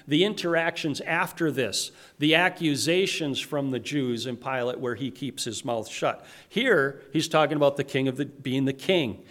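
A man with a fairly high, fairly bright voice teaches through a Bible passage verse by verse, paraphrasing it in plain everyday language. He often restarts his sentences and repeats words.

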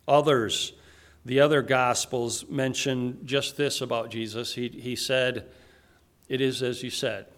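A man teaching through a Bible passage verse by verse, explaining it in plain everyday paraphrase and often restarting his sentences. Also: mid-range voice. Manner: frequent restarts and repeated words.

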